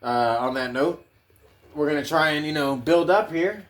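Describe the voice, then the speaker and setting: A man's voice: on the high side, normal speed. A man hosting a podcast, rambling casually with heavy swearing. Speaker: podcast host.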